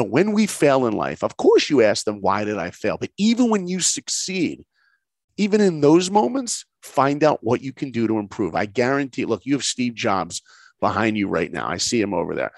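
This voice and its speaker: A middle-aged man telling a personal story in conversation, lively and acting out the voices of people he quotes. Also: fairly low pitch, normal speed, creaky, no room sound. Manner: lively, acts out quoted voices, laughs often. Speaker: guest storyteller.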